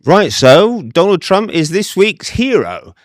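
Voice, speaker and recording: A man's voice: high-pitched, big pitch swings, takes it slowly, no echo, clean studio sound. A man co-hosting a political chat show as a reporter, wry and joking, with hesitant fillers. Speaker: co-host, reporter.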